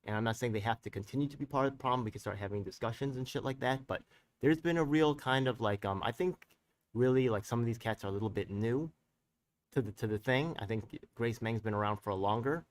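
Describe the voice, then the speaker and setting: A man's voice: medium pitch, quick pace, recorded from a distance. A New man holds forth on a live stream in a mid-range voice, swearing freely and slipping into street slang. He rambles between points, fires off questions at his viewers and circles back to his anger. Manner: talks straight to viewers with tag questions. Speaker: community activist and live-stream host.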